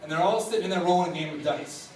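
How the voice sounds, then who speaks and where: High-voiced man telling a story on stage. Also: rapid-fire, distant mic, slight background noise. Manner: animated, laughing, acts out other voices. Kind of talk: live comedic storytelling. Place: stage before a live audience. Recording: echoey hall, voice from off mic.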